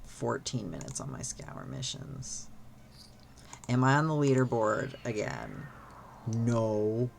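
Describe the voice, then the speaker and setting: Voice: medium pitch, sing-song, takes it slowly, vocal fry, a little hiss or hum. A streamer chatting casually while gaming, rambling with lots of fillers and freely swearing.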